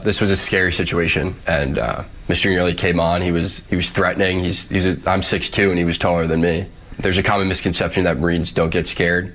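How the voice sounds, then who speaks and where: Man, low pitch, earnest measured account, recorded statement. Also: fairly bright tone. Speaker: interviewee recounting an incident. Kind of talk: recorded statement played on air.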